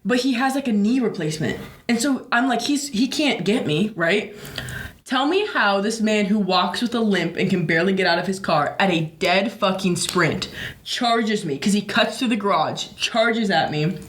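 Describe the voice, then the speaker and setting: Brief: young adult podcast co-host, profane rambling storyteller, mid-pitched voice, echoey room. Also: moderate pace, a bit bright. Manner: profane, rambling, many fillers. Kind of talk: casual storytelling.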